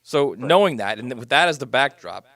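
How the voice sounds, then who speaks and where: A male radio host asks a long question haltingly, restarting and filling gaps. His voice sits in a middle pitch and sounds dry and close. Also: lively intonation, a bit bright, no room sound. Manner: halting, many restarts and fillers. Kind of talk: interview question.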